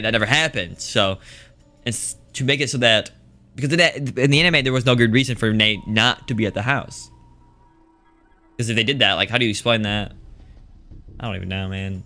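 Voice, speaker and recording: A male streamer reads a visual novel aloud and keeps breaking off into loose, joking asides full of restarts. His voice is bright and forceful at a middling pitch. Faint music plays behind him. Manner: rambling, joking, with many restarts. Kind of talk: casual let's-play commentary and reading aloud.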